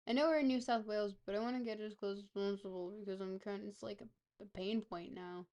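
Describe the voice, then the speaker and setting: A woman giving casual, playful gameplay commentary as a streamer, thinking out loud as she goes. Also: mid-range voice, fairly even intonation, fast talker. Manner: playful, thinks aloud, chatty.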